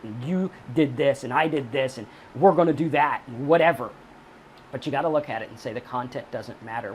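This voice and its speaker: A man talks straight to the camera with blunt, profane advice, circling back to the same points again and again. His voice sits at an ordinary pitch for a man. A faint hiss of background noise runs under the recording. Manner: blunt, profane, emphatic, repeats key points. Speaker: recovery channel host. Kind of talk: direct-to-camera advice monologue.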